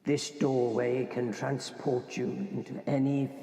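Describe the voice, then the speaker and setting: A man voicing a slow, grand old man who hosts a recurring podcast segment, announcing in a drawn-out, ominous way. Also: medium pitch, flat delivery, close to an everyday voice. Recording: echoey hall reverb with loud music. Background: loud instrumental music.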